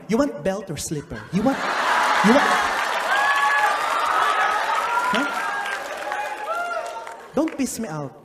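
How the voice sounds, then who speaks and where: Live stand-up bit: male comic as a high-voiced, bossy, flamboyant teacher host, theatrical and scolding, echoey hall with a loud crowd. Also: heavy background noise. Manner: theatrical, swooping, scolding asides, laughing through lines. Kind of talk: live stand-up character comedy. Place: live stage show in a large hall. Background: crowd laughing and reacting.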